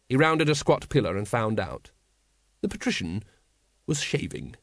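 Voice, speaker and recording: A man's voice: medium pitch, dry recording. A man reading a novel aloud in a dry, wry storytelling manner. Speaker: audiobook narrator. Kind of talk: scripted narration.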